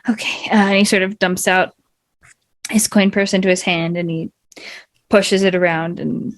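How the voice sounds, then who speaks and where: A woman's voice: mid-range voice, level tone, normal speed, no echo. A woman narrating a tabletop game as game master, descriptive, with fillers.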